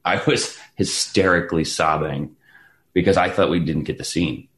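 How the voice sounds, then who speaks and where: A man's voice: low-pitched, moderate pace. A man, an actor guest, chatting casually in an interview, telling stories with lots of restarts and laughter. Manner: animated storyteller, acts out quotes, laughs often, many restarts.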